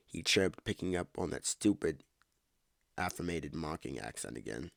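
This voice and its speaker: Man, very low and gravelly, reading a story aloud with asides, dry close sound, keeps tripping and rereading. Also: expressive, normal speed, dry recording. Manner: stumbles, rereads lines and comments on the text. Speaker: story reader and podcast host.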